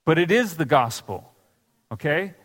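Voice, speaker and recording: A man's voice: a little high, big pitch swings, unhurried, a bit bright, big-room sound. A man preaching a sermon in a church, telling scripture stories and acting out the quoted lines. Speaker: pastor. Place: church sanctuary.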